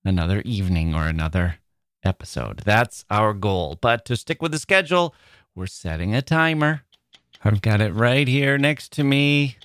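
A man hosts a literary podcast in a playful, theatrical way, laughing at himself as he goes. His pace is slow and unhurried, and his voice sits a little low. The sound is dry and close. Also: a bit bright, no room sound. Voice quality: squirrel-like voice. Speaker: podcast host.

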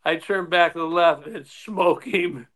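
A man's voice: a little high, a little slow. A man in his sixties telling stories in a casual chat, acting out the voices of people he quotes. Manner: animated storyteller, acts out quoted voices. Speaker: guest, former player and manager.

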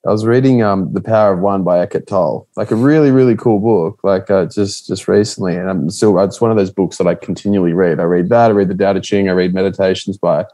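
A man's voice: low voice, fairly even intonation, fast, few pauses, mellow. A man hosting a casual podcast chat, asking curious follow-up questions and sharing his own reading and experiences.

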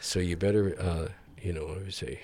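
A man's voice: deep voice, fairly even intonation, moderate pace, dark tone, a little hiss or hum. A middle-aged man telling long rambling stories in casual chat, laughing often. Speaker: guest artist.

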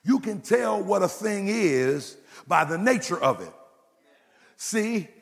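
A man preaching a sermon as pastor, emphatic and building to shouts, in a church. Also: high voice, lively intonation, takes it slowly, gravelly, soft background music. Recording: long hall reverb.

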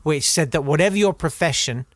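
A man co-hosting a comedy podcast, riffing in a wry, mock-stern way with deadpan asides. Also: on the high side, brisk, no echo, clean studio sound. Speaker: co-host. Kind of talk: comedic casual chat.

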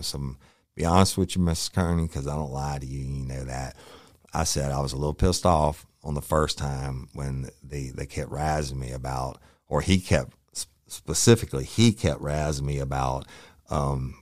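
A man's voice: a bass voice, no echo, clean studio sound. A middle-aged man from Louisiana, a former detective hosting a podcast and telling a profane, laughing story. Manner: profane, laughing storyteller who acts out quotes. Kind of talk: casual storytelling.

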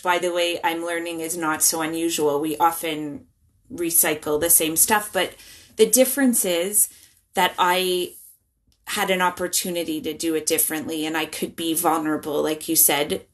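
A woman's voice: fairly low pitch, level tone, moderate pace. A woman in her thirties, a guest in a casual interview, talking chattily with many restarts. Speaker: guest speaking about parenting.

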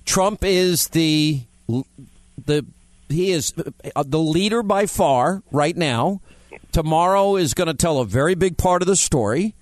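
Talk radio host, male, slightly high voice, dry close mic, blunt and emphatic. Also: animated, a little slow, dry recording. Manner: blunt, emphatic, teasing callers. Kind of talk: talk radio, taking calls.

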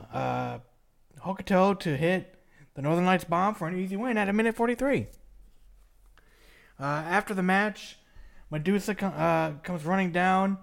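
A man hosting a casual podcast recaps wrestling, rambling along with laughter and restarts. His voice sits high and has a creaky quality.

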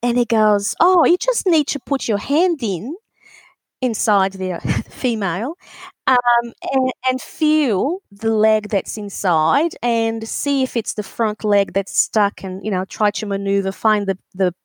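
Animated high-voiced woman telling a story. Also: a little slow, no room sound. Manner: animated, acts out voices in quotes, many fillers. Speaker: alpaca breeder, guest. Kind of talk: storytelling in a casual interview.

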